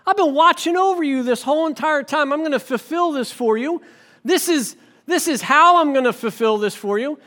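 A man voicing Jesus as a friendly, reassuring caller in a sermon skit, speaking gently and casually. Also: extremely high pitch, normal speed, pitched above the performer's own voice. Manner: chatty, gentle, speaking over the phone.

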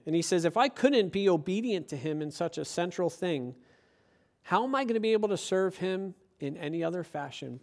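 Male pastor, high voice, animated sermon delivery with acted-out asides. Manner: lively, acts out quoted voices, rising to emphatic preaching.

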